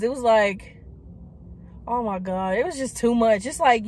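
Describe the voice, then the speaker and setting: Brief: woman vlogger, casual storytime, rambling and chatty, middle pitch. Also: a little hiss or hum. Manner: chatty, many likes and quoted asides.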